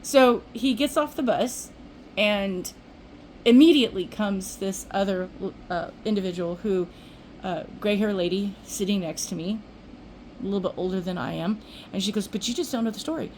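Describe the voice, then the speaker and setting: A woman's voice: mid-range voice, moderate pace, a little mellow, slight background noise, low-quality recording. An older woman vlogging, telling a rambling everyday story in casual chat with restarts. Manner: chatty, rambling, with restarts and acted-out quotes.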